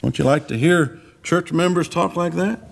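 With a gravelly voice at a moderate pace, a man gives a sermon in church. His retelling of the scripture swings through dramatic highs and lows in pitch.

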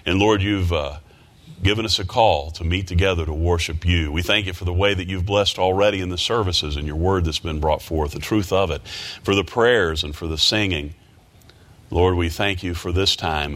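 Preacher man with a bright, forceful voice. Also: fairly even intonation, normal speed. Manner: rises to loud, high-pitched emphasis when preaching; reads scripture in old-fashioned wording. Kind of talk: prayer and sermon.

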